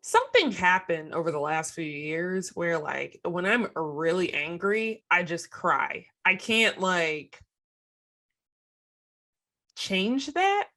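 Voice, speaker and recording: Slow, low-pitched woman reflecting. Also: animated, sharp tone. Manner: unhurried, reflective, self-deprecating. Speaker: podcast co-host. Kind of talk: casual chat.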